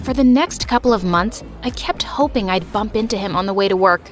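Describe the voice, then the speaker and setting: A woman narrating her own teenage story in a lively, expressive, breathless way. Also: mid-range voice, fairly quick, music in the background. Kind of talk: first-person story narration.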